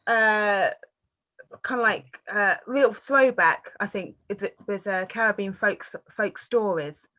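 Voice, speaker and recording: A woman's voice: medium pitch, takes it slowly, bright, forceful tone. A woman interviewing a storyteller, hesitant and full of fillers.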